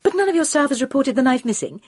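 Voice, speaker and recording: A woman's voice: high-pitched, very animated, fast, no echo, clean studio sound, pitched above the performer's own voice. A woman voicing a polite, earnest middle-aged woman playing amateur detective in an audiobook.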